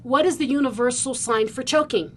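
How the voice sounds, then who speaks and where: A woman from the Philippines, a podcast host, telling a personal story in an animated way and acting out the scenes. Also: high-pitched, fairly quick. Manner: vivid storyteller who acts out the scenes.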